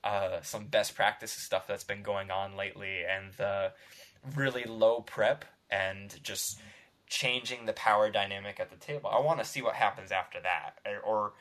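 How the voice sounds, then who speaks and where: A man's voice: on the low side, steady tone, normal speed, a bit bright. A man hosting a casual podcast chat about tabletop role-playing, rambling and laughing between phrases. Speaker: podcast host.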